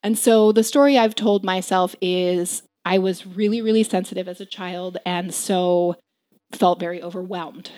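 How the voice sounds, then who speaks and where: A woman in her forties telling a personal story as a guest, halting and soft-spoken, with many fillers and restarts. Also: on the low side, fairly even intonation, no echo, studio quality. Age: 40s.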